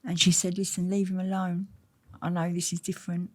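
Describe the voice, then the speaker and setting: An Essex-accented woman speaks fairly quickly in a low, level voice as an interview guest. Her stories are candid and casual, told bluntly and with plenty of swearing.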